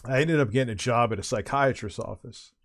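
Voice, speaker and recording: A middle-aged streamer and host tells a long, rambling anecdote in casual chat, swearing and restarting along the way. He speaks briskly in a mid-range voice.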